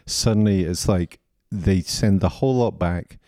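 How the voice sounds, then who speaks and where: A man's voice: low-pitched, measured pace, warm tone, no echo, studio quality. A man co-hosting a comedy podcast, telling a story in a rambling way. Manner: rambling storyteller, lots of fillers and restarts. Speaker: podcast co-host. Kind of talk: casual comedy podcast chat.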